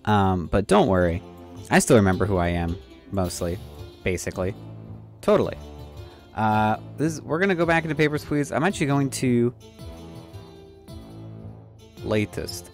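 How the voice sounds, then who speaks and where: A man's voice: lowish voice, expressive, moderate pace, pauses often, faint music behind. A man casually commenting on his game stream, joking, swearing and reading game text aloud in clipped bits. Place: home streaming setup.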